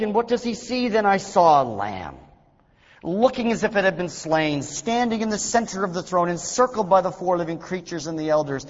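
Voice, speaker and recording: A high-pitched man preaching a sermon in a large church hall, his words trailing into a long reverb. He builds dramatically and then drops to hushed, quiet lines. The recording is dull and lo-fi.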